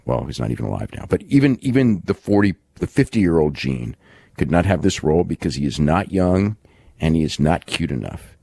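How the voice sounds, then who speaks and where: A man co-hosting a podcast, chatting casually about a wrestling show in a rambling, halting way with many fillers and restarts. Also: a bass voice, very animated, creaky, warm tone, slightly rough, no room sound, clean studio sound. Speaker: podcast co-host. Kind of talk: casual wrestling recap chat.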